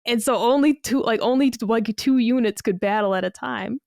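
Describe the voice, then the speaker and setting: A woman's voice: fairly high pitch, brisk, vocal fry, a little mellow, no room sound, studio quality. A woman co-hosting a casual gaming podcast, rambling with many fillers and casual swearing. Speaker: podcast co-host.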